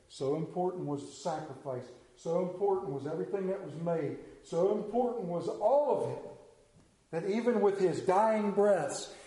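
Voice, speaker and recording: A middle-aged man preaching a sermon in a church, telling stories dramatically, building to near shouts and dropping to hushed tones. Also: sits high. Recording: echoey church room.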